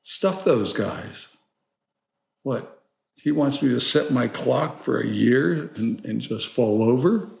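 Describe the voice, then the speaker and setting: A man in his seventies tells stories in a loose, rambling way, full of asides. His voice is gravelly, and it carries a roomy echo. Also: medium pitch, slow. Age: 70s. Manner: rambling, animated storyteller with many "you know"s. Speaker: guest, filmmaker. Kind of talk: storytelling interview.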